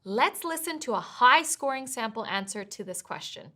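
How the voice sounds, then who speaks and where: A woman explaining exam tasks as a test prep teacher in clear, measured scripted narration. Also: a little high, lively intonation, sharp tone.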